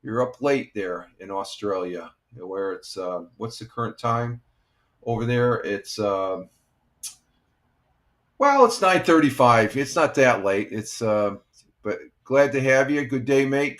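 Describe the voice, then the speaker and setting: A man's voice: mid-range voice, animated, a little slow, fairly bright tone. A man in his sixties, a retired firefighter, hosting a casual morning live stream and chatting with viewers in a rambling, easygoing way with many fillers. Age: 60s.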